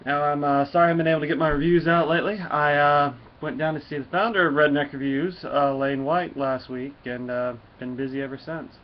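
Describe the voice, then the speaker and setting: A man's voice: on the high side, fairly even intonation, a little fast, few pauses. A man casually reviewing a comic book, rambling with lots of fillers, on a dull lo-fi recording with faint hiss.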